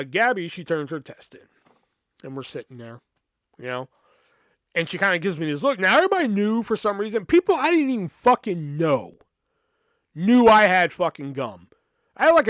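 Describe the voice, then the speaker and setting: A man's voice: on the high side, sing-song, normal speed, a bit bright, no room sound, studio quality. A man hosting a podcast, telling a long, rambling story from his school days with lots of swearing and filler words. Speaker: podcast host. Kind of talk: casual storytelling.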